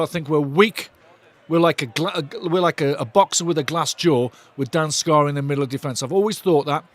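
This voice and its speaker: Man, live fan commentary, watch-along host, excitable, sweary, slightly high voice. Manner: excitable, loud and sweary, talks to viewers in chat.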